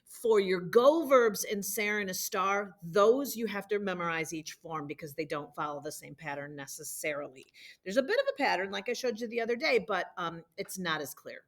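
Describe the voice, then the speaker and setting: A woman's voice: mid-range voice, moderate pace. A woman teacher walking students through homework and patiently drilling verb conjugations during a screen-shared lesson. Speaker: Spanish teacher. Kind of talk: recorded homework walkthrough.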